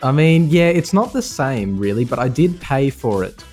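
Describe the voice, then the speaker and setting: Brief: earnest British co-host, casual chat, mid pitch. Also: male voice, lively intonation, moderate pace, darkish tone, breathy edge, faint music behind. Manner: earnest, self-deprecating. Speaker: podcast co-host.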